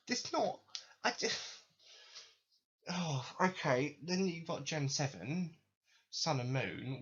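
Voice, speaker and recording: A man's voice: fairly high pitch, a bit bright, breathy edge. A young man hosting a podcast, ranting in a profane, sarcastic way. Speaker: podcast host. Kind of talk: ranting commentary. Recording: dull lo-fi recording.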